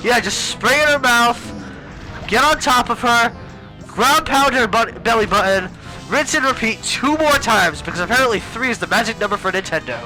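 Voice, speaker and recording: Young male let's-play host, excitable and rambling, animated and sharp in tone. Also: very high voice, rough recording. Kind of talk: casual gameplay commentary.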